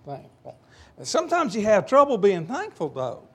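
An older man delivers a relaxed, folksy sermon, breaking off for jokes and asides to the people in front of him. His voice sits a little high for a man, and he leans into key words, drawing them out. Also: husky. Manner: folksy, joking asides to the congregation; slows down and rises to stress key words. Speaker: preacher. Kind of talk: informal sermon with a told joke.

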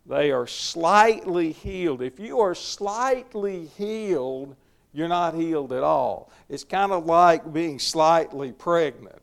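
A man's voice: a little high, slow, vocal fry. A middle-aged man, giving folksy, conversational Bible teaching and chuckling often. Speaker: preacher leading a Bible study.

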